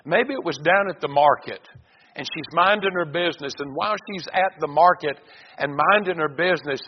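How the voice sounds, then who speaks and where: A man's voice: fairly high pitch, fairly quick, slightly rough. A male preacher giving a folksy, emphatic sermon and reading scripture aloud in a church. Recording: dull echoey church recording with faint hiss.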